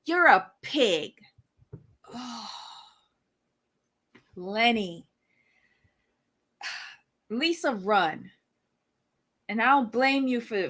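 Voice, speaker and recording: A woman's voice: mid-range voice, a bit bright. A woman co-hosting a reality TV recap show, talking in a sassy, blunt way and exclaiming at the cast. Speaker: podcast co-host.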